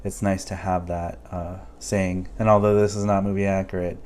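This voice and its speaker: A man's voice: sits low, normal speed. Laid-back man reviewing toys. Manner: relaxed, thinking aloud with fillers. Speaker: toy reviewer. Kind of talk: casual product review.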